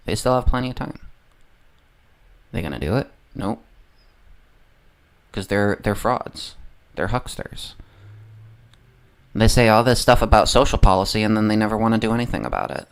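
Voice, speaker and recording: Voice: medium pitch, vocal fry. A livestreamer ranting casually about politics, heavily profane and rambling, often losing the train of thought.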